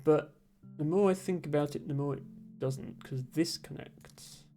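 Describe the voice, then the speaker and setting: Soft music plays behind this woman's low, mellow voice as she talks a little slowly. She's a Somerset streamer with a slightly posh, generic southern English accent, working through puzzles while rambling, thinking aloud and reading out chat.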